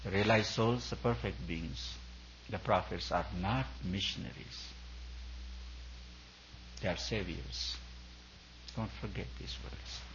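A man with a lowish voice preaches in an emphatic, repetitive rhythm, stacking phrase on phrase. The recording is dull and lo-fi, with a faint hum underneath. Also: slow, long pauses, a bit bright. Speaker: spiritual teacher. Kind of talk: sermon.

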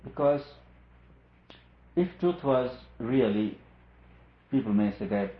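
A man giving a spiritual discourse as a teacher, talking in a measured, repetitive and emphatic way. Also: medium pitch, animated. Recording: echoey room, phone-like lo-fi sound.

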